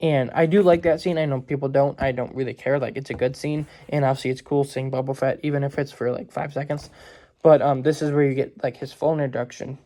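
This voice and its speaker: A man's voice: medium pitch, steady tone, a little fast, warm tone. A man casually reviewing movies in a rambling way, filling his talk with "like" and "um". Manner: rambling, heavy use of "like" and "um" fillers.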